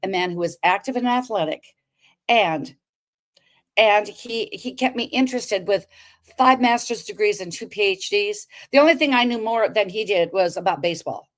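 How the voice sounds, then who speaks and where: On a talk show, a guest recounts her own story with plenty of expression, performing the lines she quotes. Her voice sits at medium pitch, her pace is normal, and she turns now and then to address the audience.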